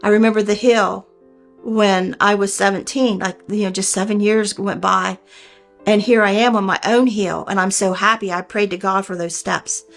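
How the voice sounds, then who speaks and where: A woman's voice: medium pitch, fairly even intonation, normal speed, soft background music. A woman in her sixties telling a personal story in an earnest, heartfelt way, often re-enacting what she and others said. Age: 60s. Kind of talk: personal testimony.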